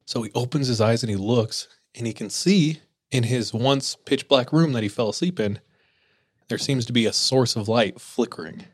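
A man hosting a podcast, telling ghost stories in a relaxed way with lots of filler words. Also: medium pitch, normal speed, breathy edge, no room sound, studio quality. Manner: relaxed, filler-heavy, laughs easily. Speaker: podcast host. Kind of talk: casual spooky storytelling.

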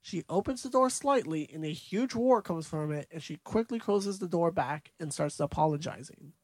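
A man's voice: a little high, expressive, moderate pace, darkish tone, no room sound. A man co-hosting a podcast, casually recapping a movie's scenes from his notes. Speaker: podcast co-host.

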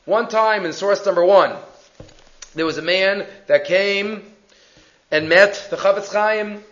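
A man's voice: high-pitched, takes it slowly, fairly bright tone. A man teaching a religious class who tells stories and translates each verse as he goes, heard in an echoey, dull recording.

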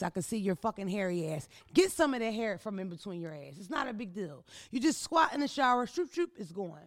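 A woman hosting a casual podcast chat, ranting loudly in a blunt, profane way. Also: medium pitch, big pitch swings, a little fast, no room sound, studio quality. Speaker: podcast host. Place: indoor recording room.

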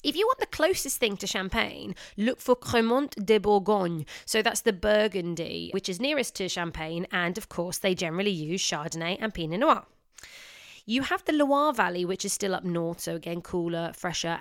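A woman's voice: medium pitch, dry recording, clean studio sound. A woman hosting a podcast, talking in a casual, chatty way with light self-teasing asides. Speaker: wine podcast host. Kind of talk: casual solo podcast talk.

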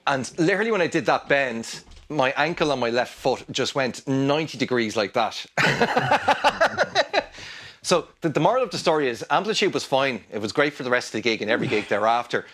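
Speaking quickly with hardly any pauses, a man with an Irish accent appears as a guest guitarist in a casual interview. His voice is mid-range, and he's from Ireland. He rambles animatedly, frequently starting over.

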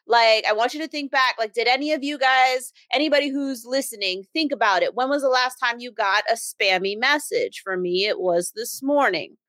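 A woman hosts a business podcast in a casual, animated solo talk, mimicking other people as she tells stories. Her voice sits a little high. The sound is dry and close. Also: moderate pace, few pauses, dry recording. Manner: animated, acts out quoted voices with big pitch jumps. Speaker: podcast host and brand strategist.

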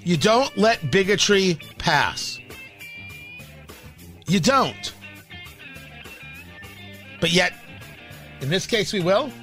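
A man's voice: high-pitched, animated, very slow, pauses often, a bit bright, soft background music. A male talk radio host delivering a combative, ranting opinion monologue, often stumbling and repeating words.

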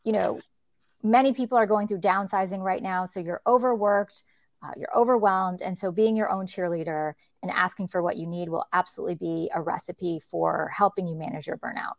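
A woman's voice: lowish voice, fairly quick, gravelly, no room sound. Direct woman coach on a panel. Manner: direct, encouraging. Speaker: executive coach and guest. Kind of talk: panel discussion.

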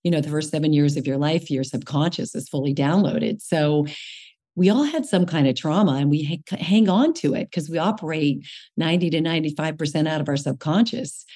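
Woman in her sixties, nutritionist guest, low pitch, mellow tone, frank lively storytelling. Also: a little fast. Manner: frank, lively storyteller, says "you know". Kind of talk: interview storytelling.

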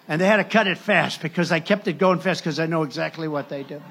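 Gravelly, husky man giving a rambling rally speech. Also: a little high, fast talker, few pauses, a bit bright. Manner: rambling, sarcastic, with self-interruptions. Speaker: presidential candidate.

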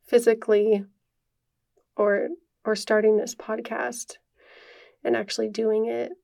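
A woman's voice: mid-range voice, creaky, a little mellow. A young woman hosting her own podcast, speaking earnestly and emotionally, full of casual fillers, on a podcast microphone. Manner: heartfelt and earnest, many fillers. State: emotional, near tears. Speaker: podcast host. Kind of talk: personal podcast monologue.

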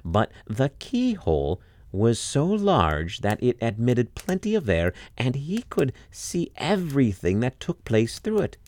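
A man narrating a fairy tale in an expressive, dramatic storytelling manner. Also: mid-range voice, unhurried, hardly any pauses.

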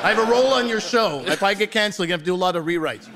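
A man's voice: high voice, lively intonation, racing, over a noisy crowd. A man sparring in a live comedy debate, wry and jabbing.

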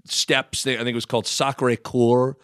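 A man's voice: mid-range voice, level tone, normal speed, a bit bright, clean tone, no echo, studio quality. A man hosting a podcast, telling stories in casual chat and acting out quotes. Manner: storytelling, laughs often, acts out quotes. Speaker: podcast host.

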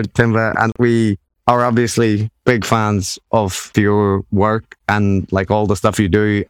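A man's voice: on the low side, smooth, no room sound, studio quality. A man co-hosting a casual interview podcast, who rambles, laughs often and speaks in a self-deprecating way. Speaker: podcast co-host.

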